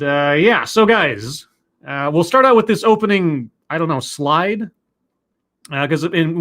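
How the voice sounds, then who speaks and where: A man hosts a casual live stream from home, rattling off viewer names and chatting between them. His voice sits a little high and swings widely up and down, playful and rambling. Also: fairly bright tone. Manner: playful, greets chat members one by one with sudden pitch jumps. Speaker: live-stream host reacting to talks. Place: home room.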